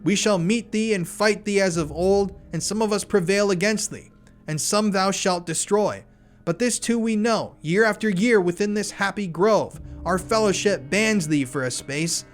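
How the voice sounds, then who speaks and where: Man playing a high priest, solemn, declamatory, pitched a bit high. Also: moderate pace, soft background music, lightly acted. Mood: defiant solemn.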